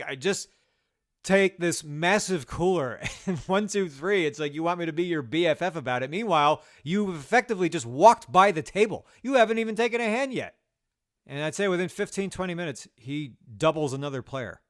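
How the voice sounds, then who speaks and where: A man telling poker stories in a casual vlog, swearing often and quick to rant in exasperation. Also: a little high, a bit bright. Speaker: poker player.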